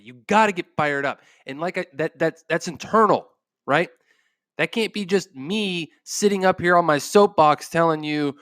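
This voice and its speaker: A man hosting a motivational podcast, his voice sitting a little higher than most men's. He speaks with intensity and emphasis, hammering phrases again and again. The sound is close and dry, with no room around it. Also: fairly bright tone, no echo. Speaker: podcast host. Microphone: microphone.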